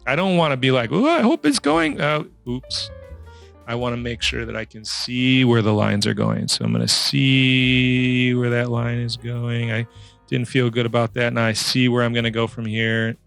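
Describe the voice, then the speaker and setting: A man's voice: mid-range voice, little pitch movement, normal speed, gravelly, fairly bright tone, faint music behind. A man narrating a casual drawing tutorial in a chatty, playful way, quizzing the viewer as he works. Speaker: drawing instructor.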